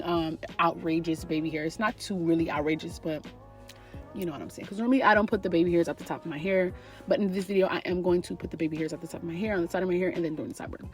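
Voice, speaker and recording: A woman giving a chatty, sassy hair tutorial straight to her viewers. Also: lowish voice. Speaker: beauty vlogger teaching a wig install. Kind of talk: casual tutorial voice-over.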